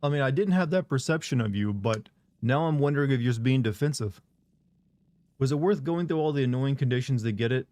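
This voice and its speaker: A man's voice: medium pitch, expressive, brisk, a little mellow. A man streaming a game, chatting casually and rambling as he reads and answers chat messages.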